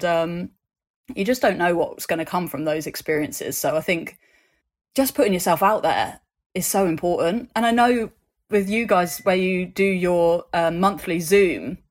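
Lively woman telling stories. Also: fairly low pitch, moderate pace. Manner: animated storytelling, acts out voices in anecdotes, many fillers. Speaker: interview guest. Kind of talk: conversational interview.

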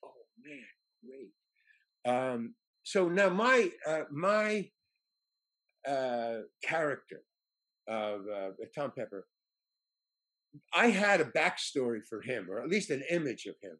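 An older man, an actor, telling anecdotes in a halting way, with many fillers and restarts. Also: medium pitch, sing-song, fairly bright tone. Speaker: actor guest. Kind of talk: anecdotal storytelling.

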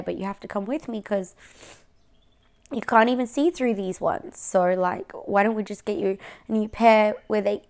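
A woman's voice: medium pitch, vocal fry, a little mellow. A young Australian woman venting to her viewers in a personal vlog. She swears often, fills her talk with "like," and sounds close to tears. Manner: venting, frequent swearing and "like" fillers. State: near tears, voice breaking. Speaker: vlogger.

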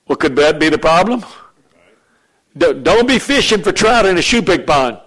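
A man preaching a sermon as pastor, animated and joking with his congregation in a church. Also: a little high, normal speed, poor audio.

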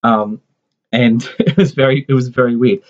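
A man in his forties, at a middle pitch, recounts a family memory in relaxed conversation. He rambles, restarts and drifts into asides. The sound is dull and lo-fi. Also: moderate pace. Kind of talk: casual conversational storytelling.

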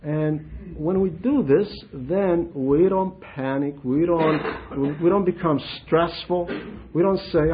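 A man with a high voice gives an informal spiritual talk. He speaks conversationally, repeats his phrases and acts out short, simple prayers. The recording sounds dull and lo-fi. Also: lively intonation, takes it slowly.

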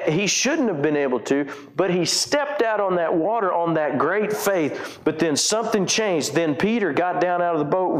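A man's voice: high-pitched, roomy sound. A pastor preaching a conversational sermon, retelling scripture in his own words with frequent restarts.

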